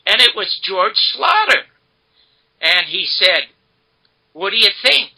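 An older man telling stories as an interview guest, animated and acting out the dialogue he quotes. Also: high-pitched, unhurried, vocal fry, pauses often, husky, rough recording. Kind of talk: storytelling interview.

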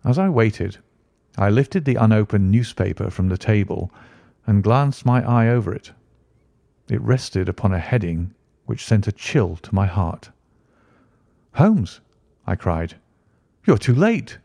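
A man narrating a story with a steady, even delivery in a low voice. The recording is dry and close, with no room sound around him. It suits a plain, unhurried audiobook read. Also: creaky, no room sound. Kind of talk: scripted narration.

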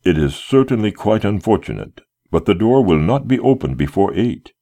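A man voicing a calm, courteous captor. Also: fairly low pitch, pitched above the performer's own voice. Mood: calmly courteous. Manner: courteous, unhurried, unmoved. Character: calm polite man detaining a guest.

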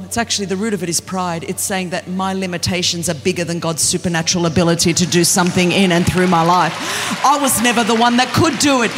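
An animated, joking woman, preaching a conference sermon and often building to a shout. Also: medium pitch. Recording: echoey arena with faint music.

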